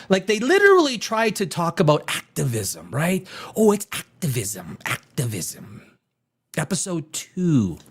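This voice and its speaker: A man with a high, very lively voice hosts a casual live show. He rants crassly and excitedly, and his pitch swings all over as he talks. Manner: excitable, crass, laughs often. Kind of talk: casual ranting live-stream commentary.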